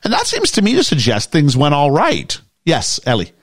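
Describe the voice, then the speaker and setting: Casual British male host, rambling and jokey, animated delivery, dry close sound. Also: on the high side, moderate pace, dry recording. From United Kingdom. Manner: rambling, jokey, many fillers. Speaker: podcast host. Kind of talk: casual movie discussion.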